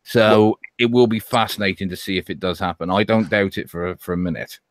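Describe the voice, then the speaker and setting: A man's voice: low-pitched, a little fast, dry recording. A man chatting enthusiastically as a livestream co-host. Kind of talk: casual chat.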